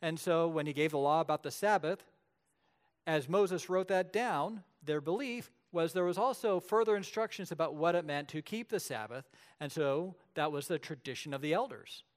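Man, preacher, sermon, fairly high pitch, animated storytelling, loud-soft swings. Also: moderate pace. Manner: lively storytelling preacher, shifts between loud and quiet. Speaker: pastor.

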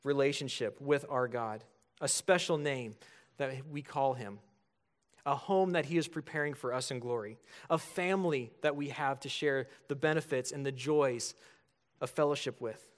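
A man's voice: mid-range voice, normal speed, fairly bright tone. A man in his thirties preaching a sermon as pastor, earnest and building to emphatic points.

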